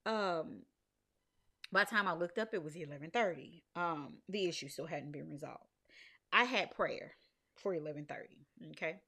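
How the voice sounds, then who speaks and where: A woman tells her viewers a story of faith in a loose, chatty way. Her pitch climbs sharply whenever she acts out her own words. She speaks of her small business as she goes. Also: normal speed. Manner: animated storytelling, voice jumping high when quoting herself. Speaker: small business owner sharing a testimony. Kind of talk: casual faith testimony to viewers.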